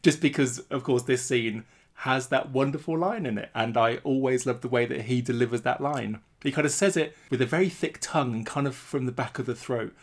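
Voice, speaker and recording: A man's voice: medium pitch, a little fast. A man co-hosting a casual film podcast, enthusiastic and laughing often. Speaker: podcast co-host. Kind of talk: casual film-discussion chat.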